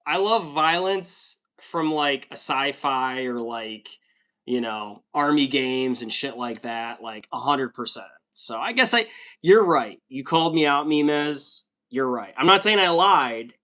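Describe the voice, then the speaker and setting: Man in his thirties, casual livestream talk, laid-back, joking, reads chat aloud, mid-pitched voice. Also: pushed and bright. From United States.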